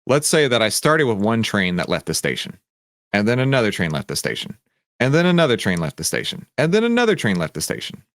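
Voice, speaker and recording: A man with a fairly low voice answers viewer questions on a live trading stream, rambling and poking fun at himself. His pitch swings widely as he gets animated, and the sound is dry and close with almost no room. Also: dry recording. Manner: animated, rambling, self-mocking. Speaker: trading coach and stream host.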